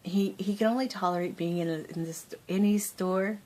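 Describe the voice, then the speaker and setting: A woman's voice: medium pitch, fairly even intonation, normal speed, warm tone. A woman chatting casually to her camera as a crafting vlogger, rambling and laughing often.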